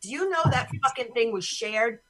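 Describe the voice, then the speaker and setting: A woman hosts a podcast over a video call and rants in a blunt, profane way. Her voice is bright and set a little high. She talks as casual chat with friends. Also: animated, moderate pace, poor audio. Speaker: podcast host.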